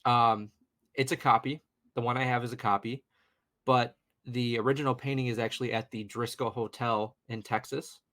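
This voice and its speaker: A young man in his twenties tells a ghost story in a loose, rambling podcast chat. His voice sits at an ordinary middle pitch for a man. He keeps the story moving with plenty of "you know" and "uh.". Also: fairly even intonation, moderate pace, fairly bright tone. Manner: chatty, rambling, lots of fillers and "you know". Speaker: guest paranormal investigator. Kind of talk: casual storytelling in a podcast interview.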